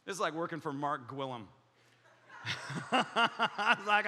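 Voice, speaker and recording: A male pastor delivers a sermon in a big hall, his sound trailing off into a long reverb. His voice is high and sharply bright, and he tells stories with animation, acting out other people's lines and laughing along the way. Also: slow, slight background noise. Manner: animated storytelling, acts out voices, laughs often. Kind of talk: sermon with personal story.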